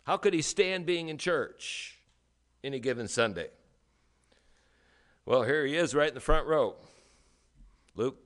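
A man preaching a sermon as a pastor, emphatic, with rhetorical questions and dramatic pauses. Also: on the high side, lively intonation, a bit bright.

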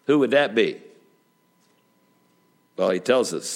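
A man's voice: low voice, normal speed, long pauses. A middle-aged man preaching a sermon as pastor, telling stories with jokes and asides. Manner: lively storytelling with jokes and asides.

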